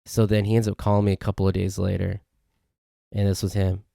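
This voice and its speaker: A man's voice: deep voice, monotone, fairly quick, gravelly, warm tone, dry recording, studio quality. A man hosting a casual solo podcast, telling rambling stories and often correcting himself. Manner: rambling, self-correcting storytelling. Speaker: podcast host. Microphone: podcast mic.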